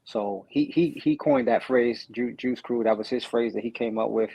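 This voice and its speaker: Husky male rapper in a dry recording. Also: mid-range voice, moderate pace, no room sound, highs cut off. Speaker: interview guest, rapper. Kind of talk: recounting in an interview.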